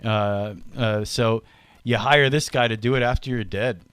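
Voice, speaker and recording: Podcast dude, bright smooth voice, dry close sound, goofs around doing voices. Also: male voice, mid-range voice, fairly even intonation, unhurried, dry recording. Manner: jokey storyteller, acts out quotes. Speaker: podcast co-host. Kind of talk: casual chat.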